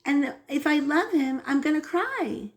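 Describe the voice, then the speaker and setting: A woman voicing a tender, earnest young boy who explains himself haltingly. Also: high-pitched, animated, voice pushed up.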